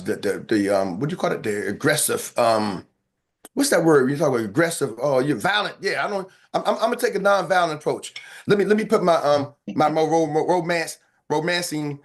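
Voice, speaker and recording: Brief: American male sales coach, fairly high voice, playful, acts out examples. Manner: animated, playful, acts out lines and sound effects. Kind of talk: live sales training on a video call.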